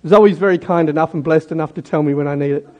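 A man's voice: fairly high pitch, fast talker, a little mellow, highs cut off. A man preaching a sermon in a jokey, conversational way and talking directly to his congregation. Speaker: pastor.

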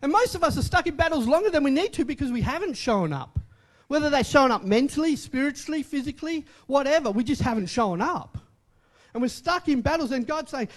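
Guy preaching, chatty, repeats stuff, asks the crowd questions, high voice that jumps around. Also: lively intonation, a little fast. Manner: conversational, repeats phrases for emphasis. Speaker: pastor. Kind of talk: sermon.

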